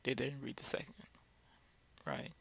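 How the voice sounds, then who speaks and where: A man's voice: mid-range voice, sing-song, measured pace, vocal fry, a bit bright, breathy edge. A man giving an informal Bible lesson, speaking directly and driving his points home with repeated rhetorical questions. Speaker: Bible teacher.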